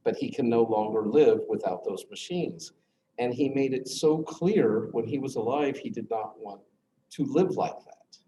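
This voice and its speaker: A middle-aged man teaching a class, earnestly telling a personal story, with his voice dropping low at the hard moments. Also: a little slow, mellow. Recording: echoey classroom, faint noise.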